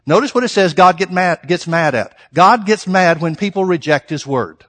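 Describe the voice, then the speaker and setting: A man's voice: high-pitched, lively intonation, fairly bright tone. Emphatic preacher man in a reverberant hall. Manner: emphatic, rhetorical questions to the congregation; reads scripture slowly and deliberately. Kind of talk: sermon with scripture reading.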